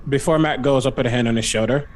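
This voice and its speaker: A man's voice: quick pace, a little hiss or hum. A man playing a tabletop horror game who switches between hesitant questions and in-character speech. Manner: hesitant, with lively swoops of pitch. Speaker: player. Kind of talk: tabletop role-play, speaking in character.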